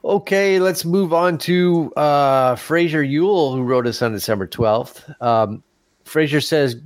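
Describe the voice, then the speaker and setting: A man's voice: a little high, unhurried, no room sound. A man hosting a casual podcast, chatting and reading listener emails aloud with easy laughs.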